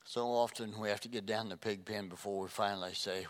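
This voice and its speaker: A man's voice: lowish voice, steady tone, quick pace, hardly any pauses. A man preaching a sermon, earnest, often repeating phrases and stumbling over old scripture words. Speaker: pastor.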